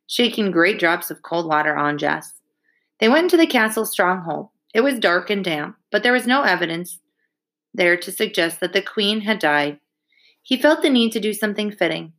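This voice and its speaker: Female audiobook reader, steady and measured, with a low, forceful voice. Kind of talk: audiobook reading.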